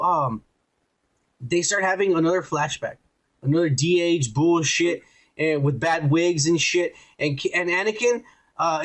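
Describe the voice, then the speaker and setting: A man's voice: high-pitched, fairly bright tone, rough recording. A podcast host, a man, ranting and swearing through a casual review chat while drinking, laughing often.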